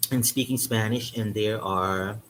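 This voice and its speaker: Man, low voice, rambling, casual, lots of um, vlog monologue. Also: fairly even intonation, measured pace, a bit bright, a little hiss or hum, low-quality recording. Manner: rambling, heavy um fillers, chuckles at own jokes. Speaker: vlogger. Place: indoors in Europe, drinking wine.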